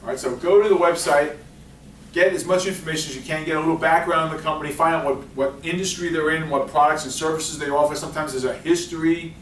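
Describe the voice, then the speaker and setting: A man presenting a career workshop, talking lively with the audience and asking them questions. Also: a little high, fast. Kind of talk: interactive workshop talk. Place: library meeting room. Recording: echoey room, distant mic, faint noise.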